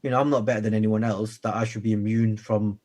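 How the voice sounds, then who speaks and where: A man's voice: lowish voice, fast talker. A man from the UK, a guest author telling playful, chatty stories in a radio interview. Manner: lively, chatty, playful storyteller. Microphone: radio studio microphone.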